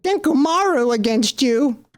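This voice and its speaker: A man's voice: extremely high pitch, expressive, measured pace, background noise. A man voicing a tiny, boastful male bug who calls himself a wandering artist, brash and bragging. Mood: cocky.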